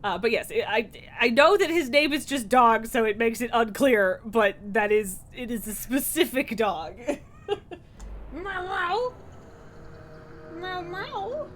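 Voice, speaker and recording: A woman's voice: on the high side, normal speed, few pauses, fairly bright tone, a little hiss or hum. A woman streaming a game live, chatting casually, laughing often and swearing freely. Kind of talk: casual live gameplay commentary.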